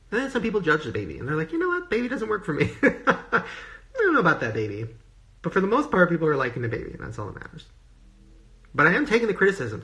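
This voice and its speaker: A man's voice: medium pitch, gravelly, a bit bright. A man on a phone livestream, gushing and rambling in casual emotional talk full of fillers. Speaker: social media personality on a livestream.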